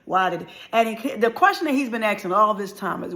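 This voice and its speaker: A woman's voice: on the high side, very animated, fairly quick, creaky, fairly bright tone. A middle-aged woman and life speaker telling a painful personal story with dramatic emotion, at times sinking to near whispers. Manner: dramatic, acts out dialogue, drops to near whispers.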